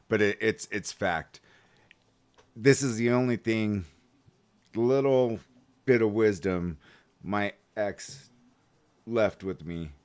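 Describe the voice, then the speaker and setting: A man's voice: sits low, clear, resonant tone. A man telling a rambling, heated story to camera, swearing freely and full of fillers. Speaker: vlogger. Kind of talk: casual rant to camera.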